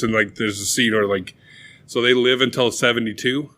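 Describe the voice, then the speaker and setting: Animated, swearing young man. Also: mid-range voice, moderate pace. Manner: profane, animated retelling with acted-out quotes. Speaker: podcast co-host. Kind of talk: casual chat.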